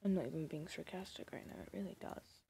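Woman chatting thru a sim game, sarcastic, gravelly voice, keeps whispering at the characters. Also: fairly low pitch, quick pace, mellow, slight background noise. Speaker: gaming video creator. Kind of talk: casual gameplay commentary.

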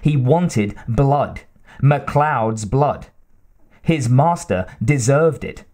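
Expressive, unhurried male storyteller. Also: mid-range voice. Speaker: audiobook reader. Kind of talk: scripted narration.

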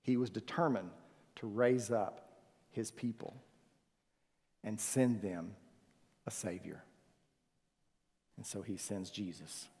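A male pastor preaching a sermon, swinging from loud emphasis to soft, hushed phrases. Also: lowish voice, slow pace, pauses often. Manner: swings from loud emphasis to near-whispered softness. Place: church sanctuary. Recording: long reverb of a church hall.

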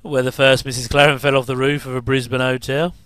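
A man's voice: mid-range voice, level tone, quick pace, fairly bright tone, clear, resonant tone, no echo. A middle-aged man giving a chatty, jokey commentary over a TV episode. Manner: chatty, jokey asides with chuckles. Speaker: commentary host. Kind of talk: casual watch-along commentary.

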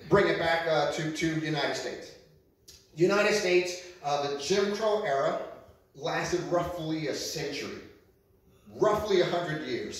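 Guy pastor giving a sermon, kinda conversational, repeats himself a lot, big echo, mic far off. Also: on the high side. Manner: conversational, repeats himself, asks the listeners questions. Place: large echoey room, alone with a camera. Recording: very echoey room, mic at a distance.

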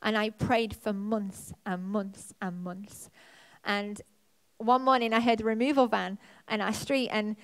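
A woman pastor preaching a sermon in a church, telling a personal story in an animated way, her voice leaping up as she relives moments. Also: fairly high pitch, clean tone. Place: church auditorium.

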